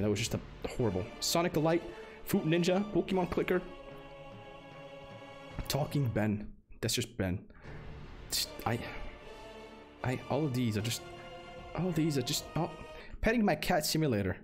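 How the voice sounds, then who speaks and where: A man streaming games, giving jokey casual commentary and reading game text aloud in an animated way. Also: mid-range voice.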